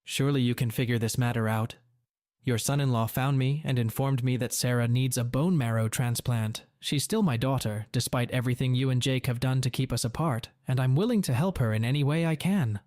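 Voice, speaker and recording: A man's voice: mid-range voice, a little fast, no echo, studio quality, close to an everyday voice. A man reading as a blunt, angry father. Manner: blunt, forceful retorts. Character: angry middle-aged father, blunt and determined.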